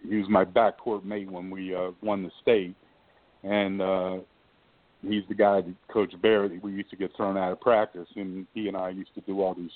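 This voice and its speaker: A man's voice: low-pitched, no room sound. Older man telling stories over a tinny line. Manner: lively storyteller who acts out quoted dialogue. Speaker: former basketball shooting coach. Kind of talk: casual storytelling anecdote. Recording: tinny phone-like line, dry.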